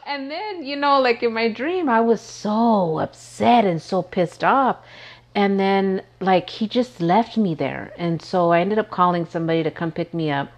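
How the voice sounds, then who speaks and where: A woman's voice: medium pitch, a little slow. A woman guest on a podcast, telling a story in casual chat, swearing and laughing as she goes. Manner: animated, profane, laughs while telling stories.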